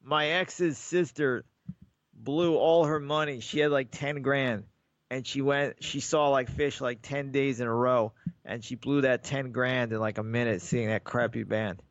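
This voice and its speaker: A man's voice: mid-range voice, steady tone, unhurried, no echo, lo-fi sound. A man co-hosting a podcast, chatting casually and rambling through stories while acting out the voices of callers. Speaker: podcast co-host. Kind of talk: casual sports chat.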